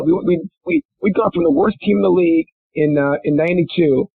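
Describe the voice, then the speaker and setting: Gravelly former athlete over a phone line. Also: male voice, sing-song, a little fast, no echo. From Minnesota. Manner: rambling, many restarts and fillers, laughs into high-pitched bursts. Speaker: former football player, guest. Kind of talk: casual storytelling interview.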